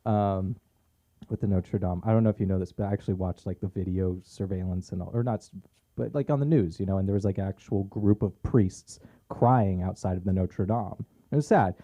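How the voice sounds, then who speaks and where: A man doing a stand-up set at an open mic on a comedy club stage, delivering deadpan punchlines and chuckling at his own jokes. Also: low-pitched, fairly quick, highs cut off. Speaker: stand-up comic.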